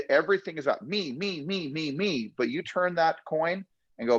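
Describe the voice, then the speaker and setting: A man's voice: on the high side, normal speed, muffled recording, noisy background. A man hosting a real estate training session, coaching with emphatic, repetitive punchy phrases. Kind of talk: motivational coaching talk.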